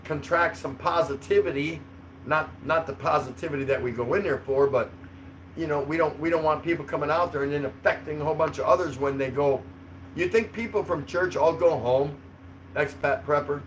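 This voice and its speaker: A man's voice: fairly high pitch, brisk, slight background noise, poor audio. A man hosting a livestream, reading out chat comments in a rambling, chuckling, easygoing way. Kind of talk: casual live chat. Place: home in the Philippines.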